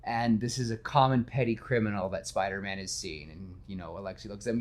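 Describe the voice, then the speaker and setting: Animated low-voiced male podcast host. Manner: animated, breaks into quick character voices; self-deprecating, admits nervousness. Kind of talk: casual podcast chat retelling a film.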